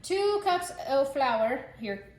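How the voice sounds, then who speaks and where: Chatty, high-voiced woman hosting a home cooking video; casual and jokey in an echoey kitchen. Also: very animated, slow, very noisy. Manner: chatty, joking, lots of "like" fillers. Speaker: cooking vlog host.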